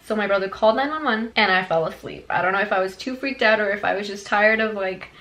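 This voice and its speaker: A woman's voice: medium pitch, quick pace, rough recording. Chatty young woman telling a story. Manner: chatty, animated storytelling with many fillers. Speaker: beauty vlogger. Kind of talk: storytime vlog.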